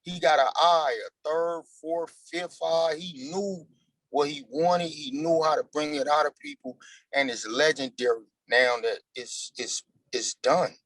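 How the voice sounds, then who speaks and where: A man's voice: fairly high pitch, fairly even intonation, unhurried, a bit bright, dry recording, poor audio. A man in his forties, an actor being interviewed, talking in a loose, slangy and emphatic way. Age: 40s. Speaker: actor guest. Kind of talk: casual interview chat.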